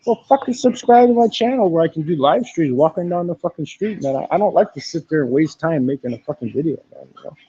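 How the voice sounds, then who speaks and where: A man's voice: a little high, expressive, quick pace, hardly any pauses, warm tone, breathy edge, dull audio. A man doing a casual live-stream walkaround of a hostel, talking into his phone. He is laid-back, swears often and keeps saying "man". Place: hostel in Thailand. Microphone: phone camera.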